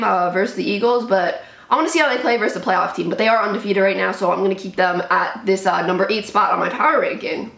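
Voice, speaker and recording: A woman's voice: medium pitch, fairly bright tone. Young woman host, chatty and opinionated, mid-range voice, echoey room. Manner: chatty, opinionated, many fillers. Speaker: sports show host. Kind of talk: casual sports commentary. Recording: roomy echo.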